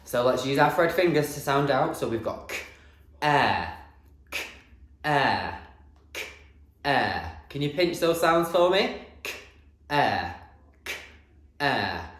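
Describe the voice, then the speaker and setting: Man, primary teacher, slow and very lively sing-song phonics delivery, echoey classroom sound. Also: medium pitch. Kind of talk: phonics lesson for young children.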